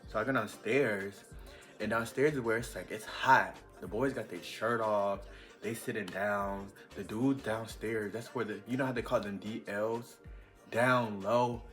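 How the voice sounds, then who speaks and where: A young man telling a casual storytime vlog, chatty and animated with lots of fillers. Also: lowish voice, moderate pace, soft background music. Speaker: vlogger.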